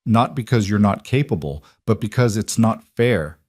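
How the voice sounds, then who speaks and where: Male narrator as stubborn, caring pioneer woman; firm, gentle, dry. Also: lowish voice, animated, moderate pace, no room sound, lightly acted.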